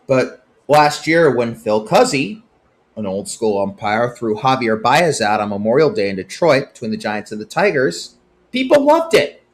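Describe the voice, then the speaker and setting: Guy doing his own podcast, opinionated solo talk, gets worked up then goes quiet and serious. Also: medium pitch, expressive, moderate pace. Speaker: podcast host.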